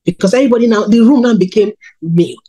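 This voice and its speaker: Talking fast with a breathy edge, a woman preacher from Nigeria, in her thirties, tells her personal testimony openly within a sermon. Her pitch rises and falls animatedly, captured on a rough recording.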